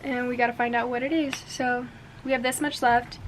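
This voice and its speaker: A young woman chatting casually in a reading vlog, excitable, gasping and swearing as she reacts. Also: on the high side, brisk, slight background noise. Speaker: book vlogger.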